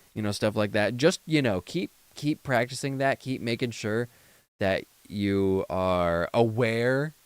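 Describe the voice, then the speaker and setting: A man's voice: fairly low pitch, smooth, no echo. A man streaming late at night, tired and yawning, giving a viewer rambling, filler-heavy advice on mixing and flow. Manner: rambling, full of fillers and restarts, gives mixing tips. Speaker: streamer reviewing a viewer's song. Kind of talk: casual feedback chat on a livestream.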